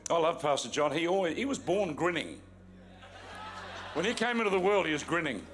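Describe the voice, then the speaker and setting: A man's voice: on the high side, sing-song, brisk, a bit bright. A man with an Australian accent, a guest pastor joking with a congregation in a jovial, teasing way before preaching. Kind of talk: sermon opening with banter. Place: large church auditorium with congregation. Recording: live church recording with crowd noise. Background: congregation noise.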